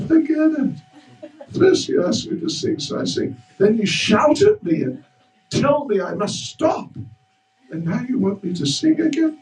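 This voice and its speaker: A man's voice: on the high side, expressive, slow, darkish tone. A man doing a huffy young monkey hero. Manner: huffy, indignant complaining. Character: young male monkey hero, moody and stubborn. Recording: roomy hall, mic far off.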